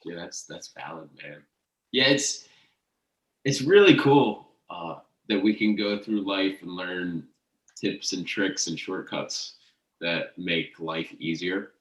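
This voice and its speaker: A man hosting a podcast, talking in a slow, halting way with frequent restarts. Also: sits low, a bit bright. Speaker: podcast host. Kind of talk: casual conversation. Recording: echoey room, distant from the mic.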